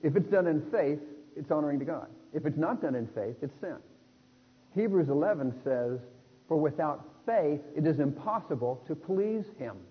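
Animated man preaching in a reverberant hall. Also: on the high side, normal speed, breathy edge. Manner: animated, acts out the people in the text. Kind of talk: sermon. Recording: dull lo-fi sound in a reverberant hall.

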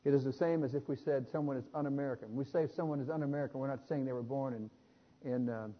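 A man preaching a sermon, building to louder emphatic points and adding small jokes. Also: medium pitch, fast, breathy edge. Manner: emphatic, rising loud on key points, with jokes. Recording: dull sound with long hall reverb.

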